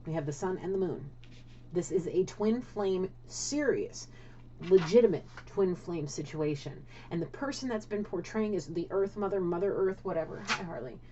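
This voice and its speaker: A woman's voice: on the low side, animated, moderate pace, mellow, slight background noise. A woman giving a casual spiritual tarot reading, blunt and swearing, often checking in with "okay?". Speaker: tarot card reader. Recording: dull lo-fi audio.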